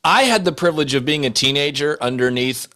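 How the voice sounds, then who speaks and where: Man, podcast co-host, deadpan mock-serious storyteller who breaks into laughter. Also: on the high side, a little fast. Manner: mock-solemn storytelling, laughing through his own jokes. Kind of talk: casual comedic chat.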